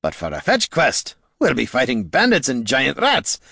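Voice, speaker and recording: A man voicing a gruff, stubbornly hopeful veteran dwarf warrior who talks in eager shouts. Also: medium pitch, normal speed, no room sound, studio quality, voice pushed up, full character voice. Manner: shouting, excited, burly.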